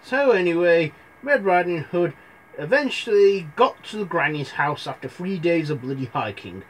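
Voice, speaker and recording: A man's voice: a little high, expressive, normal speed, breathy edge. A young man telling fairy tales in a rambling, irreverent comic retelling, full of asides. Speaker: storyteller.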